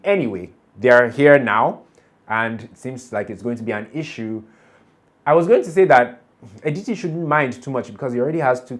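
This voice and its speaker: A TV show reaction vlogger recaps an episode and adds commentary in a casual style. He's chatty and animated, laughing often as he goes, with a medium-pitched voice.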